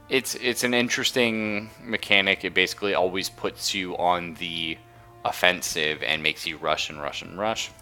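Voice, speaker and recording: Low-pitched and bright, this man speaks with a forceful tone. His casual live gameplay commentary comes from streaming a strategy game, where he enthusiastically explains how things work as he plays.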